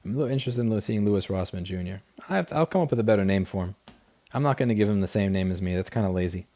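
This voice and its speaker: A man's voice: lowish voice, racing, dark tone. A man hosting a casual late-night livestream, reading chat questions and answering in a blunt, profane, rambling way through a desk microphone.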